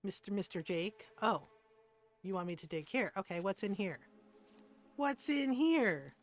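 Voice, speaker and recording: A woman's voice: fairly low pitch, normal speed. A woman game streamer chatting casually while she plays, telling stories and laughing often. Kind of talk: casual chat while playing.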